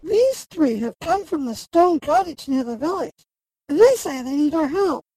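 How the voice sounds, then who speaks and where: An actress in an audio drama playing a kindly, motherly woman who welcomes weary guests, speaking gently and soothingly. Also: high-pitched, animated, unhurried, no room sound, low-quality recording.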